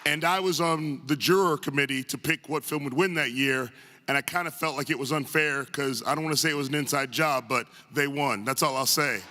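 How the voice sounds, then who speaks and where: A man's voice: fairly high pitch, bright, forceful tone. Joking man speaking in a reverberant hall. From northern United States. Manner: joking, self-deprecating, chatty with quick asides. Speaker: guest speaker at a tribute event. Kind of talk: humorous anecdotal speech to a live audience. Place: large arts center auditorium.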